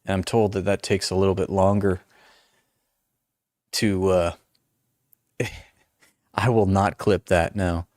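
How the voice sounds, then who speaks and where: Speaking slowly with frequent pauses, this man in his forties hosts a casual livestream, rambling, self-deprecating and restarting again and again. His low, level voice has a darkish tone, and the clean studio recording from noise-canceling headphones has no room sound.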